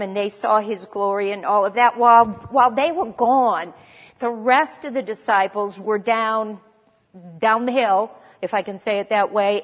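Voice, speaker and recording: Woman preaching in an echoing hall. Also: a little high. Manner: conversational, with restarts and self-corrections. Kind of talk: sermon.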